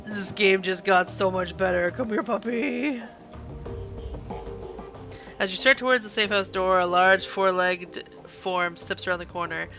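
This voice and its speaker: Bright-voiced woman streaming a game. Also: medium pitch. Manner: gushing, emotional reactions between read passages. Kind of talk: live let's-play, reading game text aloud.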